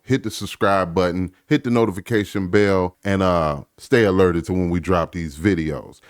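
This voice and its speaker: Deep-voiced laid-back reaction host. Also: male voice, dry recording, studio quality. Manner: laid-back, conversational, slangy. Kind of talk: casual reaction commentary.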